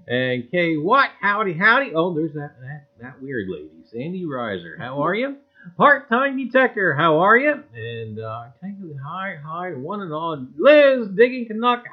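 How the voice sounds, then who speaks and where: A middle-aged man hosting a casual livestream, greeting viewers by name in a folksy, rambling way and often saying "I tell you what". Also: fairly high pitch. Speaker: livestream host. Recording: tinny phone-like audio.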